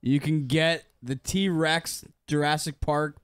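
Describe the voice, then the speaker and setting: A man's voice: on the high side, fairly even intonation, fairly bright tone, clear, resonant tone, dry recording, studio quality. A man co-hosting a casual podcast, loose and joking as he reads and riffs. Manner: loose and joking, quick bursts. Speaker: podcast co-host. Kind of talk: casual chat.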